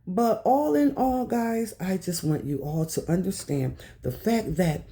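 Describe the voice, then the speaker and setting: A woman's voice: medium pitch, measured pace, mellow. A woman hosting her own channel, giving casual commentary straight to her viewers in an emphatic, repetitive way. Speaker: YouTube commentary host.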